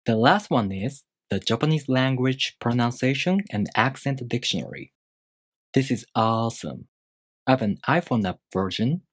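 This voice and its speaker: Male tutor, mid-pitched, slightly husky, patient and orderly video-lesson delivery. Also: normal speed, no echo, studio quality. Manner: calm, methodical explanations with spoken examples. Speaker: language teacher.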